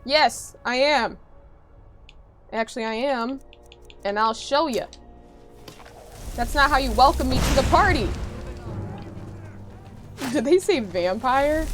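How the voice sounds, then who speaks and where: Woman streamer, kinda high voice, chats w viewers + yells at the game, music going underneath. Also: a little slow, pauses often. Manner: chatty, reacts loudly, reads chat aloud. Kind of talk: casual live gameplay chat.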